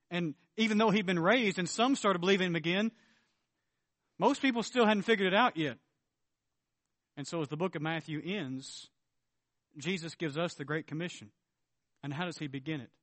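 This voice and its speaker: A man preaching a sermon as pastor, emphatic, swinging between loud declarations and low, earnest tones. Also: dry recording.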